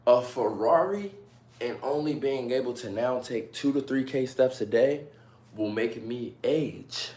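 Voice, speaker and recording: A man's voice: mid-range voice, animated, unhurried, darkish tone, roomy sound. A man casually chatting and joking with viewers during a live stream, talking straight to them. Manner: chatty, playful, addresses viewers directly.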